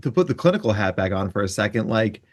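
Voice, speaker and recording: A man hosting a podcast, chatting and explaining ideas in an animated way. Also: lowish voice, fast talker. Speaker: podcast host. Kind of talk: casual podcast chat.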